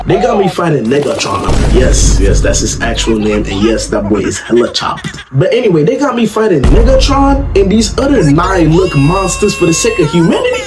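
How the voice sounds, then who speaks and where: A young man doing comedic commentary in an animated, slangy way, often asking "you know what I'm saying". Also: a little high, normal speed. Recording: music playing under the voice.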